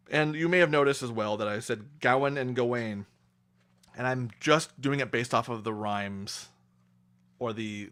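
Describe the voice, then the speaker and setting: A young adult man talking casually on a livestream about the book he is reading, pausing often with fillers and restarts. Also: medium pitch, fairly bright tone. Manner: hesitant, many fillers and restarts. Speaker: streamer reading a book aloud.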